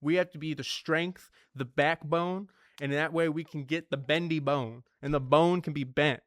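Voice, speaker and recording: A man streaming a survival game, chatting casually in an animated, rambling, slangy way. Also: fairly high pitch, normal speed, dry recording. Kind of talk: casual gaming commentary.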